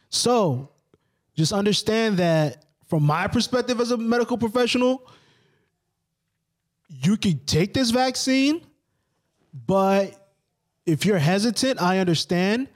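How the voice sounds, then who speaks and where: A man co-hosting a casual podcast, joking and ranting in an animated, preachy way with lots of swearing. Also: on the high side. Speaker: podcast co-host. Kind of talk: casual profane podcast chat.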